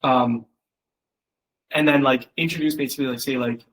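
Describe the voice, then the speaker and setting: In a rough recording, a male copywriting coach critiques copy one-on-one at a fairly quick clip, his medium-pitched voice steady in tone and fairly bright. The talk is loose and chatty, thick with fillers, and he acts out quoted voices as examples.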